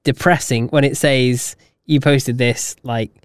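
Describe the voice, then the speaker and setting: Podcast co-host, chatty, laughs a lot, mid pitch, dry close mic. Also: steady tone, slow, clean tone, no room sound. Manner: laughs easily, reacting to the other host. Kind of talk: casual chat.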